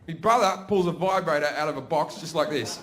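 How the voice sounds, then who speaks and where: A man's voice: a little high, brisk, noisy background. A middle-aged man doing a stand-up routine, profane and conversational, often asking "right?". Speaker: stand-up comedian.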